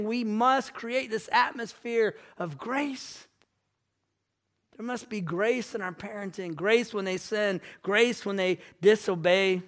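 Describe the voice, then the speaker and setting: A man, preaching a sermon and telling stories in an animated, self-mocking way. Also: sits high. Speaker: pastor.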